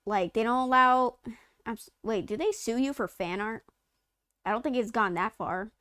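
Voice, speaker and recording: A woman co-hosts a live gaming news stream, talking in a loose, rambling way full of fillers and restarts. Her voice is smooth and clear, a touch high, and sits dry and close to the mic. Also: normal speed, a bit bright, no room sound. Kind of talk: casual chat.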